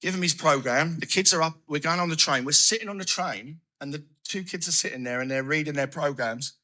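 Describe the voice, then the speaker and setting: A man giving a personal recovery testimony, telling his story in an animated way and acting out his own thoughts. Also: a little high, brisk. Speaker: recovery speaker.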